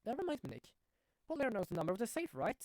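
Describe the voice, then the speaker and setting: A man's voice: very high voice, wildly swooping pitch, fast talker, a little mellow, no room sound, voice pushed up, heavily acted. A man voicing a bubbly, curious young female sidekick who talks in a chatty, slangy way. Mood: eager.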